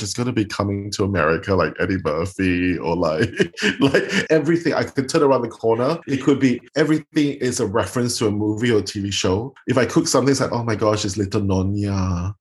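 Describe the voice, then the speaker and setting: A middle-aged man from Singapore with a Singaporean accent, telling stories in a casual interview, animated and often laughing. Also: fairly low pitch. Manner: animated, laughs often, quotes people in put-on voices. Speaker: guest.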